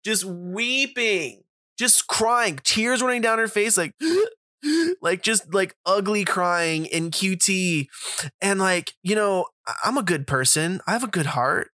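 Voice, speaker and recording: Forceful, bright-voiced man telling a story. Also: high-pitched, lively intonation, takes it slowly, dry recording, clean studio sound. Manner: chatty, profane, lots of fillers and asides. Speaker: podcast host. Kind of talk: casual storytelling monologue.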